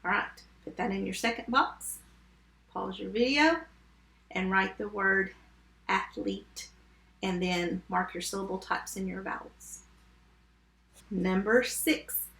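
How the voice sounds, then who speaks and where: A woman teaching a first grade phonics lesson remotely, sounding out words slowly and giving patient step-by-step instructions. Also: medium pitch, gravelly, pushed and bright, echoey room.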